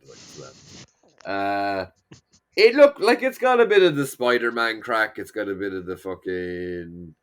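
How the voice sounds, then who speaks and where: A man's voice: lowish voice, very animated, measured pace, clear, resonant tone. A man co-hosting a casual podcast chat, rambling and swearing freely as he restarts his sentences. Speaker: podcast co-host.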